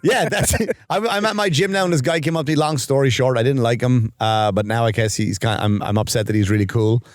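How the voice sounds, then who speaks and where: A man's voice: medium pitch, quick pace, no room sound. A man with an Irish accent co-hosting a comedy podcast, rambling through stories with many restarts and acted-out quotes. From Ireland. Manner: rambling storyteller, restarts and acts out quoted voices. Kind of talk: casual comedic chat.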